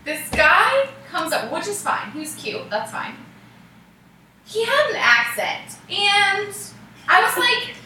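Animated high-voiced young woman. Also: takes it slowly, slight background noise. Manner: animated, laughing, acts out quotes. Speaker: podcast co-host. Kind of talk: casual storytelling chat. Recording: echoey room, mic at a distance.

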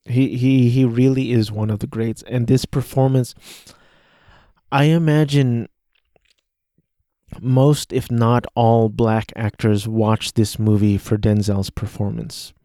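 A man's voice: mid-range voice, fairly even intonation, takes it slowly, pauses often, mellow, no room sound, studio quality. A man hosting a casual solo podcast, talking through a movie he watched, rambling and hesitant with many restarts. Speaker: podcast host.

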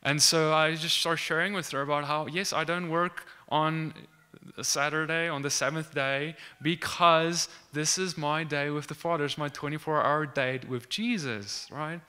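A man telling a faith testimony as animated storytelling, acting out the lines of the people in it. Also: a little high, normal speed, clean tone. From South Africa.

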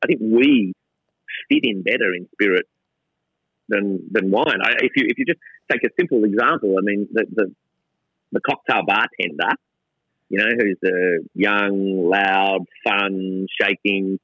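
In a gin distillery lab, a middle-aged Australian co-founder of the gin company chats unhurriedly in a lowish voice as an interview guest. He's irreverent and self-mocking, frequently starting over, and the audio is dull with no echo.

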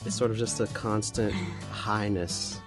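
A woman's voice: very deep voice, fairly even intonation, a little slow, over music. A woman co-hosting a casual chat, dropping short playful remarks. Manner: brief playful interjections.

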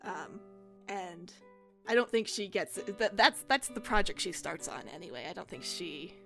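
A woman's voice: fairly low pitch, lively intonation, normal speed, vocal fry, bright, forceful tone. Hedging woman with faint music behind. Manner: hedging, filler-heavy description. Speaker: tabletop game player. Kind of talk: casual tabletop role-play.

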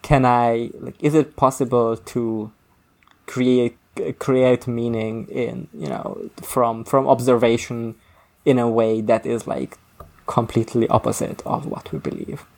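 A speaker on a casual podcast works through an argument out loud. The delivery is halting, full of restarts and fillers. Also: medium pitch. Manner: rambling, self-correcting, thinks aloud. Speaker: podcast co-host. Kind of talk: casual book discussion.

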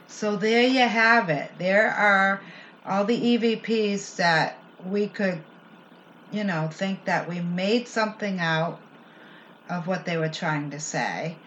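A woman with a mid-range, fairly bright voice speaks slowly while co-hosting a paranormal investigation show. She talks casually about recordings and asks her partner what they think, heard through muffled lo-fi audio with faint hiss.

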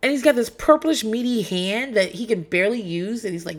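A woman's voice: a little high, expressive, brisk, few pauses. A young woman telling candid, profane stories in casual chat. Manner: candid and profane, storytelling with laughs.

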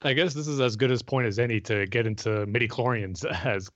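A man's voice: mid-range voice, a little fast, fairly bright tone, no echo, lo-fi sound. A man in a casual watch-along chat who laughs often between points.

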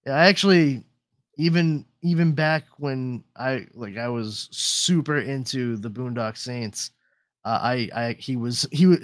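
A man's voice: mid-range voice, measured pace, dry recording, studio quality. A man hosting a podcast in casual chat, rambling with lots of swearing and trailing off mid-sentence. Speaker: podcast host.

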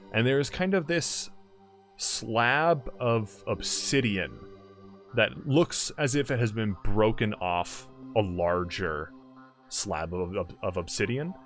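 A man's voice: medium pitch, measured pace, soft background music. A young man running a tabletop game as game master, narrating loosely with many fillers and frequent laughs. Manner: rambling, lots of "like" and "kinda", laughs often.

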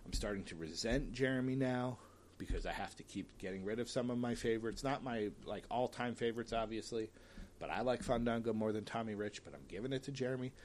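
Going solo, a man casually predicts who'll win various wrestling bouts, tossing in chatty opinions and now and then a sigh. He speaks briskly in a mid-range, darkish voice over faint background noise.

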